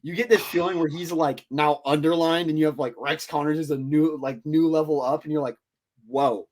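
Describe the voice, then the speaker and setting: Young male podcast guest, slightly high voice, excitable rambling storyteller. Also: brisk. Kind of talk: casual podcast chat.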